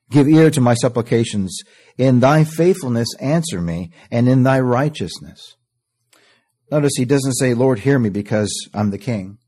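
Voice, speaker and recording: Male preacher, warm, dark tone, earnest sermon delivery with loud swells and hushed drops. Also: mid-range voice, breathy edge. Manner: earnest, repeats "beloved", swells on scripture then drops to near-whispers.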